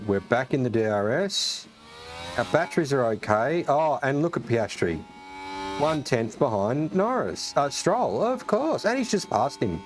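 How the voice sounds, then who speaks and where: Swearing Australian man streaming a racing game. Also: mid-range voice. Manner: excitable, swears often, calls everyone mate. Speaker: gaming streamer. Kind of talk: casual live game commentary. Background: game music and engine sounds.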